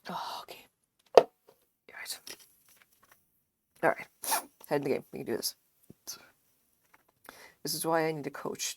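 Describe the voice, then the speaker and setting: Whispering in a low, gravelly voice, a woman chats casually on a crochet livestream, occasionally swearing and murmuring pattern notes to herself. Her tone stays steady, and she speaks a little slowly with frequent pauses.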